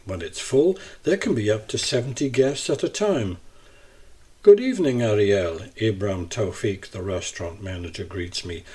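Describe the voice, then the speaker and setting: A man narrating a first-person travel essay in a measured, even reading style. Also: mid-range voice, slightly rough.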